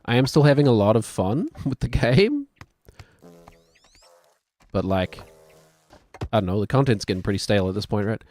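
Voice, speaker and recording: A man's voice: fairly low pitch, very animated, moderate pace, long pauses, darkish tone, a little hiss or hum. A man with a New Zealand accent, likely in his thirties, streaming a video game and thinking aloud in a rambling, self-deprecating way. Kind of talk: casual gaming commentary.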